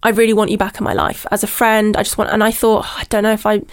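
A woman, a podcast guest, telling a personal story in casual chat, animated, mimicking other people's voices and laughing as she goes. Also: mid-range voice, quick pace, clean tone.

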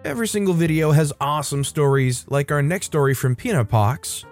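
A man with a fairly high, darkish voice speaks briskly as he hosts a show reading online stories aloud, faint music playing behind him. It's scripted storytelling narration, and he raises his voice to act out the quoted lines.

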